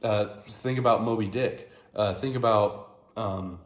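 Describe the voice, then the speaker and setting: A man's voice: lowish voice, unhurried. A young American man giving a rambling, casual book review to camera, with many fillers and restarts. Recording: echoey room, faint background hiss.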